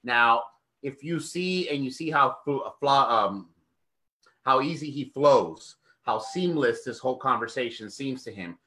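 A man's voice: medium pitch, lively intonation, measured pace, pushed and bright. A man hosting a podcast, hyped and swearing heavily while speaking straight to the listeners. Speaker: podcast host. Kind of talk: podcast conversation.

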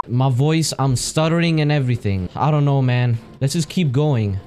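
A young man giving excitable gameplay commentary as host of his gaming channel, swearing and exclaiming often. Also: mid-range voice, normal speed, few pauses. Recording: clear game music underneath. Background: game music.

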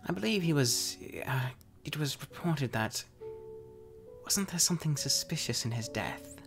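Haunted, jumpy gentleman with a guilty conscience, read by a male narrator; evasive, mid-pitched. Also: expressive, measured pace, music in the background. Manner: defensive, evasive, rising to shouts. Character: nervous guilt-ridden man haunted by a dog.

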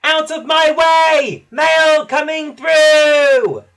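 A man voicing a small, eager male engine who speaks politely and shouts boastfully at times. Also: high voice, animated, moderate pace, husky, voice pushed up.

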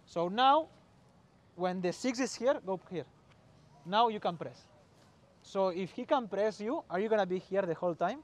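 High-voiced man coaching on a pitch. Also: animated, moderate pace, long pauses. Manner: short commands, calls out to players, mixes in Spanish. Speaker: football coach. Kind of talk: on-field coaching demonstration.

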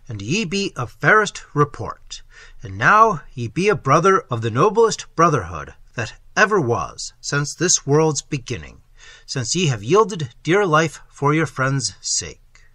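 A solemn herald of old , as a man reads him, declaiming slowly in stately, archaic speech. His voice rises and falls with a bright, husky ring. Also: a little high, sing-song, dry recording, exaggerated voice.

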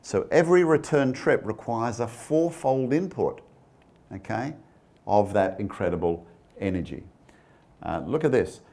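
A man's voice: medium pitch, lively intonation, unhurried, gravelly, darkish tone. A man giving a presentation with slides to a live audience. He talks conversationally, asks the listeners questions and throws in joking asides. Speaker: guest speaker.

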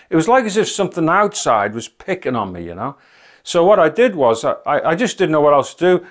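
A middle-aged man recounts a personal testimony in a loose, earnest way, filling his talk with "you know" asides. His voice sits somewhat high for a man. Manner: earnest and conversational, many you-knows, rising to near-shouting when reliving anger. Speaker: speaker giving a spiritual testimony.

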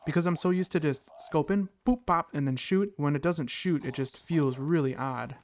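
Man, high voice, casual gameplay commentary, excited reactions, playful catchphrases, desk mic. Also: normal speed, slight background noise. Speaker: gaming channel host.

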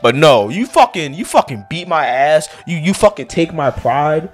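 A man giving profane live commentary over his own gameplay, muttering one moment and yelling the next. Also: fairly high pitch, big pitch swings, normal speed, faint music behind. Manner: profane, reactive, swinging between muttering and yelling. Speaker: gaming commentator.

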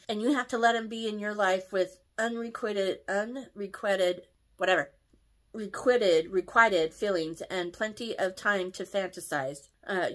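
A woman's voice: mid-range voice, fairly bright tone. Woman reading aloud, emotional and stumbling. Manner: emotional, stumbles over words, reacts aloud. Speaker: host reading posts and comments. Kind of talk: casual reading with reactions.

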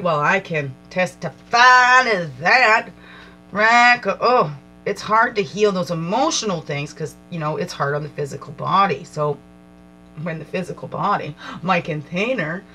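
Slow reflective woman reading oracle cards. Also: lowish voice, rough recording. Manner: slow, reflective, repeats lines aloud, soft laughs and asides. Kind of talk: slow spiritual card reading with musing asides.

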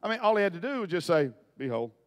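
A man preaching a folksy storytelling sermon, dropping to quiet asides and then bursting into loud shouts. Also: sits high, sing-song, fast talker, big-room sound.

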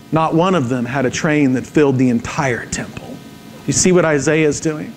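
Male pastor, high voice, dramatic sermon delivery, checks in with the congregation, faint background noise. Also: low-quality recording. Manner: dramatic, swings from hushed to emphatic when reading scripture; repeats words for emphasis, asks the audience "right?".

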